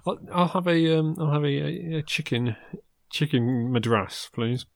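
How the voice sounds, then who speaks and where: A man co-hosting a comic chat, playful and halting as he sets up scenes. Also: on the high side, gravelly, no echo. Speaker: podcast co-host.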